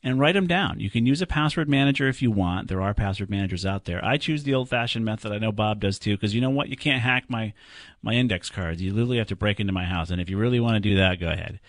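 A low-voiced man hosts a call-in computer radio show, plainspoken and joking as he hands out quick practical tips. His voice is close to a studio mic with a dry, dead sound. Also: no room sound. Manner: plainspoken, jokey, giving quick practical advice. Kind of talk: call-in tech radio talk. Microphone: studio microphone.

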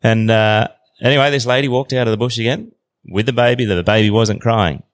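A man in his thirties with an Australian accent, telling a story as a podcast guest in a relaxed, slangy way. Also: medium pitch, fairly quick, no echo, studio quality. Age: 30s. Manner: relaxed yarn-spinning, slangy. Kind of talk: casual storytelling.

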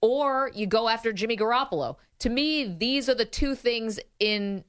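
A woman's voice: on the high side, moderate pace, a bit bright, dry recording. Woman co-host, casual sports chat, dry close mic, laughs easily. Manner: laughs often, chatty, reads quotes aloud. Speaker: sports talk show co-host.

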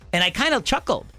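A man's voice: very high voice, bright, forceful tone. A man co-hosting a morning radio show, telling a story in casual banter and often stopping to restart his sentences. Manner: rambling storyteller, self-interrupting.

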